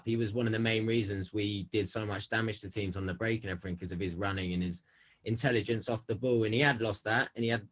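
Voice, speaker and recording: A fairly low-voiced man co-hosting a casual football podcast. He is enthusiastic and lays out his points one after another in an easy, chatty way. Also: fairly bright tone, rough recording. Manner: enthusiastic, runs through points in order. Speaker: podcast co-host.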